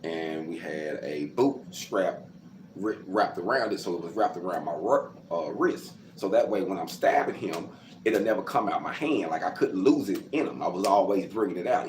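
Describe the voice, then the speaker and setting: A man's voice: low voice, animated, normal speed, darkish tone, a little hiss or hum. Man telling a personal story, echoey room. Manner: conversational, rambling, addresses listeners as y'all. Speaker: storyteller telling his own life story.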